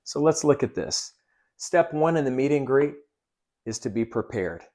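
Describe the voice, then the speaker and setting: A man's voice: medium pitch, animated, normal speed, a little mellow. A man teaching sales greetings in an upbeat, coaching manner, now and then acting out sample lines. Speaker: sales trainer. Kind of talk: instructional talk with role-play demos.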